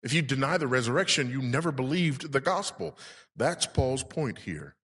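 A man's voice: medium pitch, animated, normal speed, fairly bright tone, breathy edge. A male pastor preaching a sermon with emphasis, putting rhetorical questions to his congregation. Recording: long reverb in a large hall.

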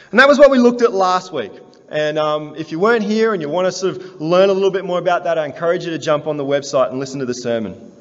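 A pastor with a voice on the high side talks fast as he preaches to his congregation in a church hall. He asks them earnest questions and builds in force as he goes. The recording sounds dull and roomy, like a church.

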